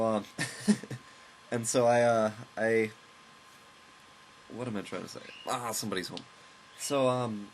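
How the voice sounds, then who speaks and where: A man casually recounting a long, rambling story at home while commenting on a game, with chuckles and quick asides. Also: fairly low pitch, a little hiss or hum, poor audio. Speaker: let's play host. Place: at home, with a loud pet bird nearby.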